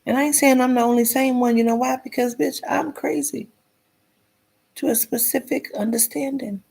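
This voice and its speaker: A woman's voice: high voice, fairly even intonation, moderate pace, creaky, darkish tone, husky. A woman giving a blunt, profane commentary rant, dropping into whispers for emphasis. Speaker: commentary vlogger.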